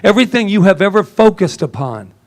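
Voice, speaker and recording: A man preaching a lively sermon in a church service, joking and laughing often with the congregation. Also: sits high, brisk. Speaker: minister.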